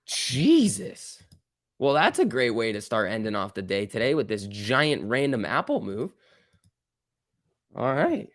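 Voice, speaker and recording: A man hosting a live stock trading stream, reacting excitedly to price moves and chatting casually with viewers. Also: on the low side, normal speed, no echo, studio quality. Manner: excitable, exclaiming at price moves, reading chat aloud. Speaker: stock trading livestream host.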